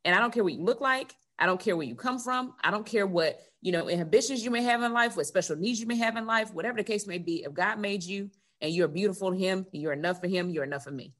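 A woman's voice: medium pitch, fast talker, hardly any pauses, fairly bright tone. A woman hosting a podcast as a coach, speaking earnestly and affirmingly, stacking points into lists. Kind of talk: casual interview chat.

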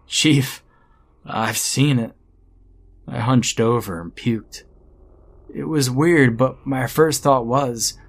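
A man narrating a scripted first-person horror story in a dramatic storytelling manner. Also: mid-range voice.

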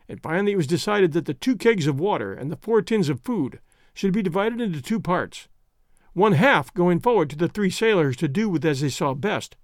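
A man narrating an audiobook in a steady, measured storytelling manner. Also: high voice, no echo, studio quality.

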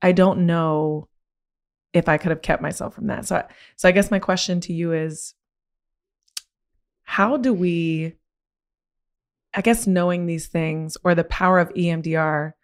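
A young woman with a slightly low voice hosts a podcast and tells a personal story in open, candid conversation. She talks expressively and becomes animated as she relives the moment, leaning on "like" as she goes. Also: measured pace, long pauses. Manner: animated, expressive retelling with frequent "like". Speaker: podcast host.

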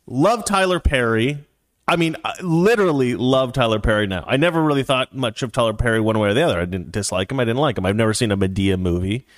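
A man's voice: mid-range voice, dry recording, studio quality. A man hosting a casual livestream from home, rambling and repeating himself as he reads out viewer comments. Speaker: livestream host.

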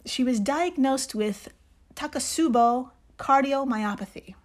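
A woman's voice: sits high, unhurried, darkish tone. A woman co-hosting a casual podcast, explaining things playfully and laughing often. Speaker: podcast co-host. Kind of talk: casual chat.

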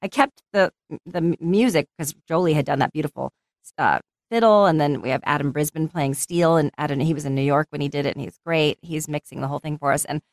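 A woman's voice: low voice, fast talker, no room sound, studio quality. An American woman, a singer-songwriter and voice actress, chatting casually as an interview guest and acting out what others said. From United States. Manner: animated storyteller, acts out quotes.

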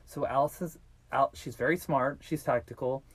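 A man hosting a podcast, telling a true-crime story in a casual, animated way and swearing freely. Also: medium pitch, normal speed, breathy edge, no room sound. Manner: animated, swearing, acts out quoted voices. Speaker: podcast host.

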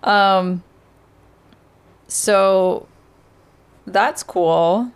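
A woman's voice: mid-range voice, drawn-out words, smooth. A woman co-hosting a casual podcast, playful and jokey, swearing freely while telling stories. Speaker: podcast co-host. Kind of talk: casual chat.

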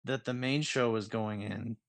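A man co-hosting a casual podcast chat, talking in slow stretches that climb sharply when he gets worked up. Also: on the low side, fairly even intonation, no room sound. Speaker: podcast co-host.

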